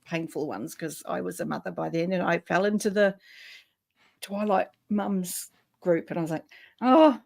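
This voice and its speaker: A woman's voice: fairly low pitch, fairly even intonation, normal speed, vocal fry, darkish tone. A woman with a New Zealand accent hosting a casual book chat over a video call. She is chatty and enthusiastic and laughs easily. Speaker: booktube host.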